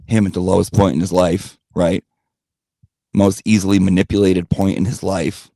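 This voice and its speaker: A man's voice: low-pitched, little pitch movement, normal speed, creaky, warm tone, no echo, studio quality. Profane, gossipy man ranting. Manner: profane, blunt, gossipy, rambling. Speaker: channel host. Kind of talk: ranting gossip storytime monologue.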